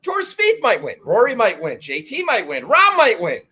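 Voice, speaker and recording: A man's voice: high-pitched, huge pitch swings, normal speed, slightly rough, rough recording. Profane, fired-up man ranting. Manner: swings from quiet muttering to shouting. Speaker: golf betting podcast host. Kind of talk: fired-up monologue.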